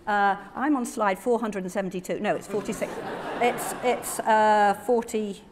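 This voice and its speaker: A woman giving a conference keynote, animated and chatty, laughing through asides to the audience. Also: medium pitch, normal speed, crowd noise, background noise. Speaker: plenary conference speaker. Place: large conference hall. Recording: echoey hall with faint room ambience.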